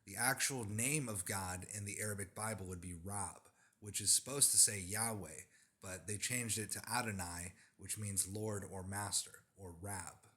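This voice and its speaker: A man's voice: lowish voice, moderate pace, sharp tone. A man delivering an emphatic religious monologue, insistent and lecturing, repeating his points for emphasis. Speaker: religious commentator.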